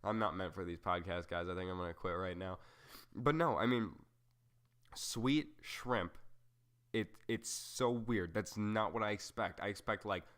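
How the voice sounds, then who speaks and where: Low-pitched and unhurried, with a fairly bright tone, a young man talks through his solo podcast. His delivery is loose and self-deprecating, drifting from tangent to tangent and packed with filler words.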